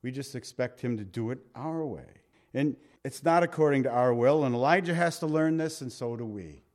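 A man preaching a sermon, swinging between loud emphatic lines and hushed soft ones. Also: medium pitch, moderate pace. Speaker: pastor.

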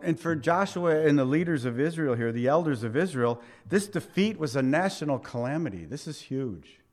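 A middle-aged man preaching a sermon as a pastor, in a conversational way, building up for emphasis and then dropping to soft asides. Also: a little high, animated, moderate pace.

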